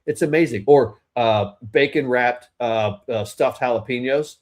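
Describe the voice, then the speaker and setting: An unhurried man with a mid-range voice co-hosts a casual political podcast. He rambles and offers strong opinions, frequently restarting sentences mid-thought.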